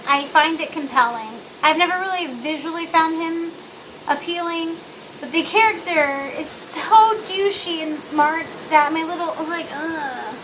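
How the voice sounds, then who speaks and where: A woman's voice: very high voice, measured pace, a bit bright. A young woman talking casually in a vlog, bubbly and blunt, rambling with lots of fillers like a Valley girl. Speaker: vlogger. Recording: noisy home recording.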